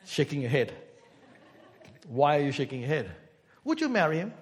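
A man's voice: on the high side, very animated, normal speed, big-room sound. A male pastor giving a conversational sermon, teasing the congregation and breaking into bits of song. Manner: conversational, teasing the congregation, sings snatches of songs.

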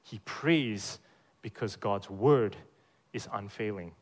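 A pastor delivers an emphatic sermon in church, his fairly low voice moving at a slow pace. He poses rhetorical questions to the congregation and keeps checking in with "right?", his volume swinging between forceful emphasis and quieter lines.

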